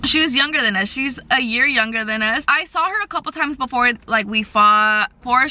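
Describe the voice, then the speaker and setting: Young woman vlogging a storytime, super bright tone, chatty with lots of "like"s. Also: on the high side, a little fast. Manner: chatty, animated, full of "like" fillers. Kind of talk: casual storytime.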